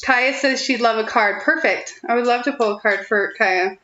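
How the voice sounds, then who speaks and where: A woman's voice: a little high, moderate pace, pushed and bright, echoey room, lo-fi sound, slight background noise. A young woman giving a chatty, reassuring tarot reading on a live stream, giggling often between thoughts. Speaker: tarot reader.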